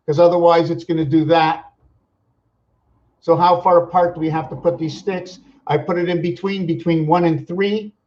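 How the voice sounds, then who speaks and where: A high-voiced man who hosts a channel muses aloud to himself in a rambling monologue vlog, recorded lo-fi. He poses rhetorical questions and counts numbers slowly, sometimes getting loud and worked up.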